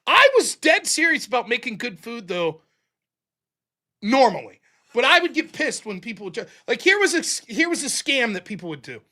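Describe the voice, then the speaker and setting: Animated, profane man telling stories. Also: very high voice, normal speed. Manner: profane, animated, yelling in retold quotes. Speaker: livestream host. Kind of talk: casual storytelling.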